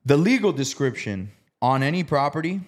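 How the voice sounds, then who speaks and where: A man's voice: fairly high pitch, very animated, normal speed. A man casually telling a story, swearing freely and acting out the people he quotes. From South Florida. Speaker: real estate investor.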